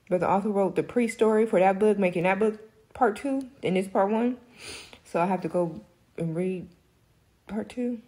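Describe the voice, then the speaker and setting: A woman's voice: fairly low pitch, mellow. A young woman chatting casually about a book she finished, rambling through the plot with fillers and giving frank opinions. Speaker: book reviewer. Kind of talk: casual book review chat.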